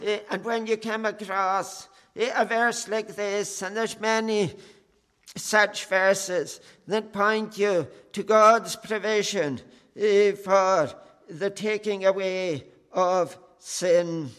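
A man preaching a sermon with slow, earnest delivery, pausing often on "eh" and appealing with fervent "oh"s. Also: high-pitched, fairly even intonation, a bit bright, smooth. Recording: long hall reverb.

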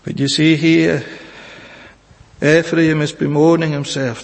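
A man preaching a sermon in a church, earnest and measured, pleading with his hearers and pausing often on "eh". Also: fairly high pitch, flat delivery, vocal fry, big-room sound.

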